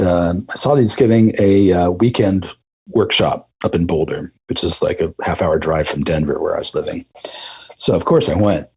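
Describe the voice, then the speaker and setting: A middle-aged man with a low, husky voice talks through his story in a relaxed interview. He rambles easily, circling back with fillers and restarts. He sounds like a musician guest reflecting on his path. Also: rough recording. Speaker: guest musician, throat singer.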